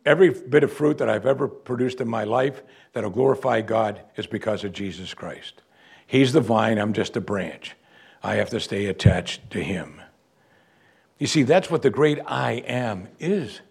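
A man's voice: on the low side, normal speed, gravelly, breathy edge. A man preaching a sermon, reading scripture aloud and explaining it with emphatic delivery. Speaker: pastor.

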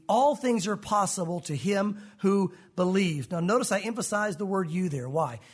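A man's voice: high-pitched, breathy edge. A man preaching a sermon as pastor, speaking earnestly and directly to his congregation. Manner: earnest, direct, addresses listeners as guys.

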